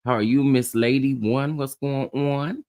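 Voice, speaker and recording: A man hosting a casual live stream, chatting with viewers, greeting them by name and laughing often in a sassy, animated way. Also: medium pitch, a little slow, dry recording. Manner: sassy and chatty, calls people honey, child, baby. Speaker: livestream host.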